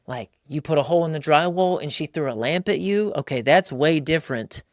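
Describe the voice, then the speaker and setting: A podcast host in his thirties, with a slightly high voice and a brisk pace, tells stories in a relaxed chat, acting out quotes and using lots of casual slang like "like" and "bro." His storytelling is animated, and the recording is dry and studio-clean.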